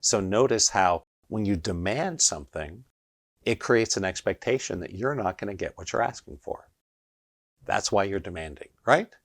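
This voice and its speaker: A man teaches energy healing straight to camera, speaking with emphasis and pausing for rhetorical checks. His voice sits a little low. The sound is dry, with no room echo. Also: expressive. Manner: emphatic, keeps asking rhetorical "right?". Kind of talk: instructional video monologue.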